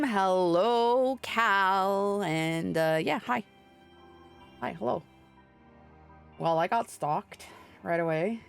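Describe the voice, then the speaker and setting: While streaming a video game, a woman with a mid-range, creaky voice chats casually over the gameplay. She's playful and giggly, greeting viewers in a sing-song way and swearing casually.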